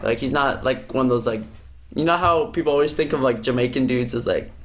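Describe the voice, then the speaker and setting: In a mid-range voice and at a brisk clip, a man hosting a podcast shares a story about work. It's casual talk, delivered with profane, animated storytelling.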